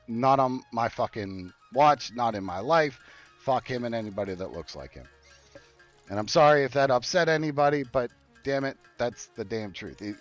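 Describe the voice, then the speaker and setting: A man streaming a game and ranting hard, swearing and indignant, his voice often dropping low and then rising in bursts. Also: a bit bright, no echo. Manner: heated, profane, indignant. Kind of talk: angry rant while gaming.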